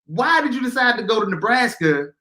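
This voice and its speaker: A man co-hosting a casual comic book podcast, talking in an animated, incredulous way and laughing often. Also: extremely high pitch, fairly quick, echoey room. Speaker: podcast co-host.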